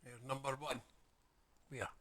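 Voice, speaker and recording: A man's voice: medium pitch, steady tone, a little slow, fairly bright tone. Man muttering while building a model. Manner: mutters to himself while fiddling with small parts, chatty aside to viewers. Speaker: live streamer building a model kit. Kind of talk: casual live-stream chat while working. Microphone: streaming mic with adjustable audio settings.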